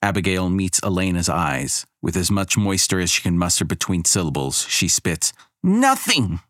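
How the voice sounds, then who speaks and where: A man with a very low voice narrates a fantasy story in a wry, measured way. The sound is dry and close to the mic. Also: a bit bright, dry recording.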